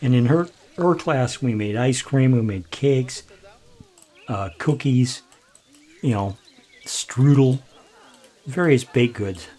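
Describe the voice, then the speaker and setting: A man's voice: mid-range voice, slow pace, long pauses, a little mellow. Chuckling man telling a rambling story. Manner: rambling, chuckling, restarts, quotes others. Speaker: gameplay commentator. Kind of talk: casual storytelling while playing.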